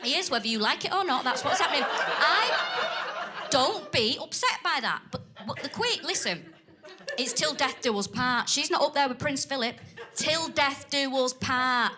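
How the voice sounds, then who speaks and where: A woman doing a crude, acerbic stand-up set on a theatre stage, with deadpan asides. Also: high-pitched, moderate pace, background noise. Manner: acerbic, crude, deadpan asides with lively put-on voices for others. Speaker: stand-up comedian. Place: theatre stage before a laughing audience. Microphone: stage microphone. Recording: live theatre with loud crowd laughter.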